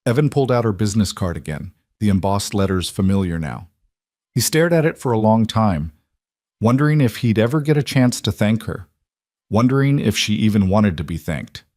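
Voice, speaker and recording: Male narrator, lowish dry voice, steady scripted storytelling. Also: dry recording.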